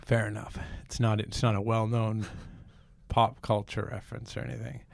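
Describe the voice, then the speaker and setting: A man's voice: lowish voice, monotone, moderate pace, vocal fry, no room sound, clean studio sound. A man co-hosting a casual improv comedy podcast, rambling and joking at his own expense. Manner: rambling, self-deprecating joking. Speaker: podcast co-host.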